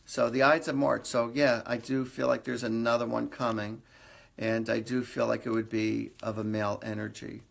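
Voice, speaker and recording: Guy doing psychic readings on a live stream, kinda raspy, lots of ums and restarts. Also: medium pitch, flat delivery, moderate pace. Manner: rambling, conversational, many fillers and restarts. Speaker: psychic medium host.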